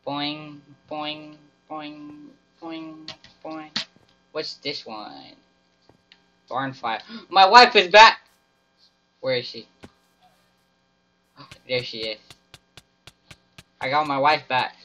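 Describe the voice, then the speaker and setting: A man's voice: a little high, flat delivery, very slow, long pauses, sharp tone. Goofy melodramatic young man gaming. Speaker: gaming YouTuber. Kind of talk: playful gameplay commentary. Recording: slightly dull lo-fi mic with music behind.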